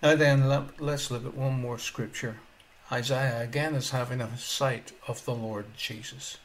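A man preaching a sermon, swinging between quiet asides and loud exclamations, often chuckling as he speaks. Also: medium pitch, fairly even intonation, measured pace, slight background noise.

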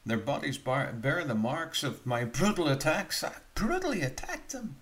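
A man's voice: fairly high pitch, sing-song, normal speed, fairly bright tone. A man voicing a guilt-ridden middle-aged saloon owner who confesses his wrongs and pleads to be forgiven. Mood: anguished. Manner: pleading, anguished questions.

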